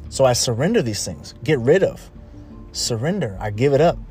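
Over soft background music, a male podcast host speaks at medium pitch with big swings and a slightly mellow tone, at a moderate pace. He gives a casual, emphatic motivational monologue, repeating phrases and restarting sentences as he rambles.

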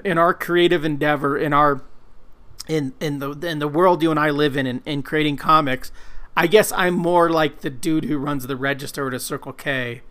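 A man talks loosely on a podcast, rambling, cursing freely and running himself down. His voice sits a touch high for a man. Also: fairly bright tone. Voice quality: rambling, profane, self-deprecating. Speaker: podcast co-host, comic colorist. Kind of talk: casual podcast chat.

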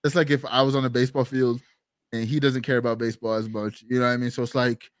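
A man's voice: medium pitch, little pitch movement, quick pace, no room sound, clean studio sound. A man co-hosting a live stream, telling stories in casual chat with lots of fillers. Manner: rambling, filler-heavy storytelling. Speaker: co-host.

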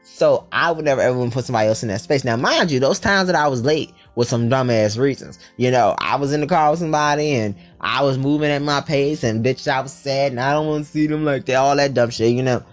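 A man telling a storytime tale in a vlog, animated and full of profanity and slang. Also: mid-range voice, fast talker, hardly any pauses, faint music behind.

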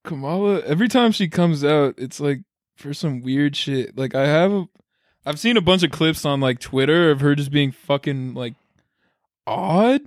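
A man's voice: fairly high pitch, animated, normal speed, no room sound, studio quality. A young man co-hosting a podcast, laid-back and profane in casual chat. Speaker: podcast co-host.

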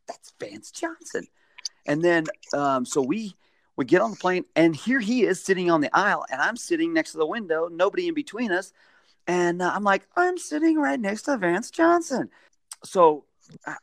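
A man's voice: fairly high pitch, no echo, studio quality. A man hosting a casual chat, telling stories from his time as a sports mascot. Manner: chatty, animated storyteller.

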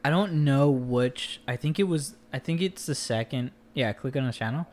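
A man's voice: mid-range voice, moderate pace, darkish tone. A young man hosting a casual podcast, retelling a story in loose, rambling talk full of slang and swearing. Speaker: podcast host. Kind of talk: casual chat.

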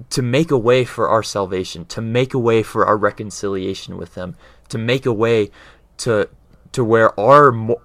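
Man, lowish voice, earnest, casual explaining, keeps checking in with the listener. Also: fairly bright tone, dry recording. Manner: earnest, often checks in with "right?". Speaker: speaker explaining faith.

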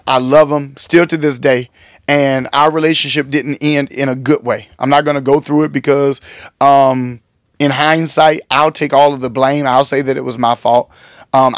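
A man who is a pastor, telling a personal story on his podcast in a candid, animated way, acting out what others said and calling his listeners y'all. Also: mid-range voice, no room sound, clean studio sound.

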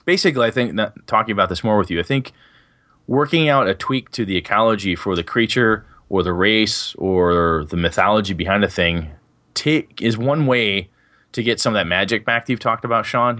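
A man's voice: fairly low pitch, normal speed, pushed and bright. A man hosting a casual tabletop gaming podcast, rambling and correcting himself as he talks, with casual swearing. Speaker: podcast host and game master.

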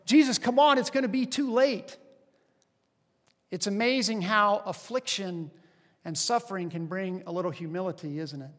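Man preaching a sermon, high voice, animated emphasis, long reverb. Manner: animated, rising and falling with emphasis. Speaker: pastor.

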